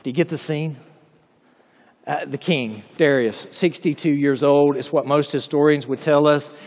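A man preaching a sermon, telling a story dramatically and swinging between loud passages and hushed asides. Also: on the high side, normal speed, in a large hall.

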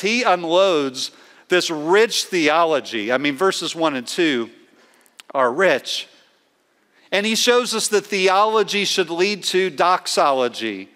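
A man preaching a sermon as a pastor, earnest and emphatic, slowing down to stress key words. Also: high-pitched, animated, bright, forceful tone, in a large hall.

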